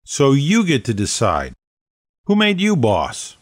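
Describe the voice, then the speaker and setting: A mouthy vampire heckler jeers sarcastically, voice pitched high and pushing back, as a male narrator puts him on. Dry, close sound. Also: huge pitch swings, slow pace, no room sound, full character voice. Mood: challenging. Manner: sarcastic, challenging, raised voice.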